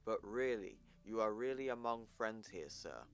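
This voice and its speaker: A man reading the lines of a soft-spoken male scientist in a comic recap, in a quiet, reassuring tone. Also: fairly low pitch, animated, normal speed. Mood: calm.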